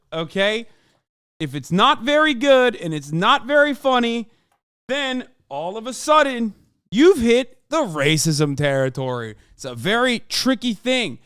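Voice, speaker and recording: A man's voice: high-pitched, very animated, normal speed, fairly bright tone, dry recording, clean studio sound. A man in his thirties streaming from home, giving casual opinionated commentary that is profane, emphatic and rambling with fillers. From United States. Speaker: streamer reacting to clips.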